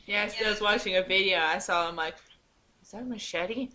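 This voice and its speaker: A young woman chatting casually with friends about a cartoon, quick and giggly, often correcting herself. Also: mid-range voice, steady tone, pushed and bright. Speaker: podcast co-host. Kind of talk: casual fan chat.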